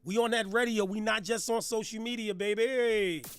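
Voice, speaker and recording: Loud hyped radio host from New Jersey. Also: male voice, high voice, steady tone, slight background noise. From New Jersey, USA. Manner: loud hype shout-outs, drawn-out street slang. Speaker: radio host reviewing music. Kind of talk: hype livestream radio talk.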